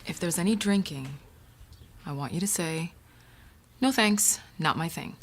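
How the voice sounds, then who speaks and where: An actress playing a worried mother who talks gently and earnestly to her young daughter in a scripted ad. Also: fairly low pitch, unhurried. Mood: gentle. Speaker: mother in a public service ad. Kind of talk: scripted ad acting.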